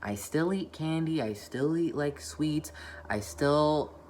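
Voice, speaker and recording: A young woman with a strikingly deep voice chats through a casual vlog update from home. She rambles, fills her sentences with "like," and pokes fun at herself along the way. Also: animated, slow pace, a little mellow, slight background noise. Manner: rambling, heavy use of "like"; chatty and self-deprecating. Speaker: vlogger.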